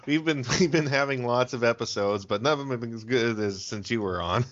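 A man's voice: medium pitch, fairly quick, a bit bright, muffled recording. A man hosting a podcast, chatting casually in a jokey, teasing way and chuckling often. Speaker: podcast host. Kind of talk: casual chat.

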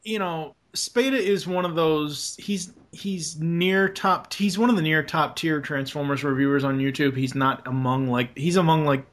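A man's voice: medium pitch, fairly bright tone. A man co-hosting a casual podcast, talking bluntly and swearing freely. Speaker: podcast co-host.

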